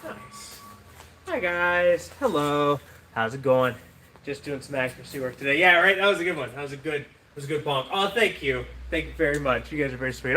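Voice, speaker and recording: A man's voice: a little high, lively intonation, fairly quick, bright, forceful tone, recorded from a distance. Chatty man streaming in an echoey room. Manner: chatty, thanks viewers between practice throws. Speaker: livestream host. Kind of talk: casual live-stream chat.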